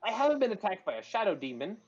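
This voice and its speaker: A man's voice: high voice, sing-song, racing, a crowd in the background. Joking man playing a tabletop game. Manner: joking, swears freely. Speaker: player. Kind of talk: casual tabletop game chat. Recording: dull lo-fi sound with faint music.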